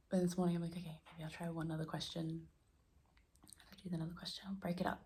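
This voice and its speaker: A woman's voice: low-pitched, very fast, darkish tone. A woman vlogging at home in a rambling, self-deprecating casual chat, often laughing. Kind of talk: casual reflective vlog chat. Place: room at home.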